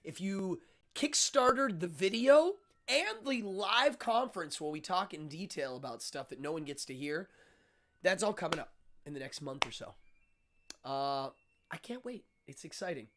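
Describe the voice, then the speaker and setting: A man's voice: high voice, very animated, a little slow, fairly bright tone. A man hosting a live-stream show, talking casually and rambling with frequent fillers and restarts.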